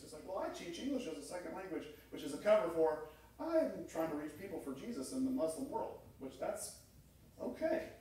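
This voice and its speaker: A man's voice: medium pitch, a little mellow, a little hiss or hum. A middle-aged man preaching a sermon as pastor, telling stories and acting out quoted voices. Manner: storytelling, acts out quoted voices. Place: church sanctuary. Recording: echoey room, mic far off.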